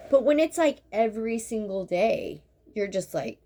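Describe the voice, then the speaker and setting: A woman's voice: a little high, sing-song, normal speed, hardly any pauses, warm tone. A woman in her fifties who works in dentistry, venting in a blunt, profane, sarcastic monologue that rambles with exasperation. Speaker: dental practitioner.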